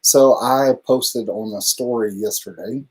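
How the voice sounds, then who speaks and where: A man's voice: mid-range voice, unhurried, darkish tone, breathy edge. A man co-hosting a casual live stream, talking in a loose, rambling way and swearing freely. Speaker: livestream co-host.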